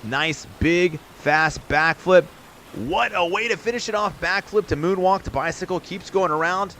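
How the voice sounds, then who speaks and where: A man streaming and giving quick, upbeat live commentary on viewer runs in a game, calling scores and turn order. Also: high voice, sharp tone, slight background noise. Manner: upbeat, quick hype calls with laughs.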